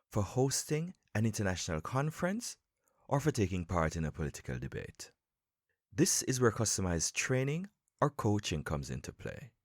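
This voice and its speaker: A man with a very deep voice hosts a language-learning podcast lesson. He explains in a calm, measured way, his pitch rising and falling with lively emphasis. The recording is dry and close to the mic. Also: no echo. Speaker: podcast host and English coach.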